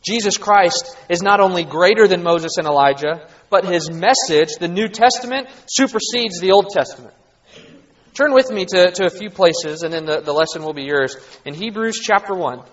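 A man's voice: high-pitched, moderate pace, muffled recording. A man teaching a Bible lesson as a preacher, earnest and emphatic, pushing his voice up to stress key points.

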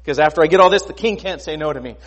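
A man's voice: a little high, rapid-fire, a bit bright, pitched above the performer's own voice, lightly acted. A man playing a spiteful, gloating official. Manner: emphatic, gloating. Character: proud, spiteful royal official, obsessed.

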